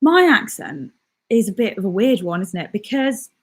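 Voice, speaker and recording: A woman's voice: medium pitch, big pitch swings, moderate pace, husky. A young woman with a mixed West Midlands and southern English accent, chatting casually as she answers viewer comments on a live stream and laughs often. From West Midlands, England. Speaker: YouTuber and comedian.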